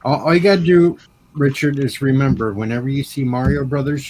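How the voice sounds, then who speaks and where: A man's voice: medium pitch, fairly even intonation, brisk, darkish tone, slight background noise, poor audio. Wry, joking man on a voice chat. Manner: wry joker. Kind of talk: casual group voice chat.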